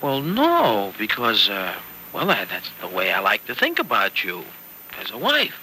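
An actor playing a teasing, affectionate young newlywed husband in a 1940s radio drama, recorded on an old radio transcription. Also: male voice, on the low side, wildly swooping pitch, sharp tone, slight background noise, heavily acted, low-quality recording. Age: young adult. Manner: teasing, quick-joking banter.

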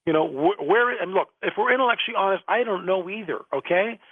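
A man's voice: high-pitched, animated, quick pace, no echo. A male guest author in a radio interview, talking emphatically and often repeating words, over a phone line.

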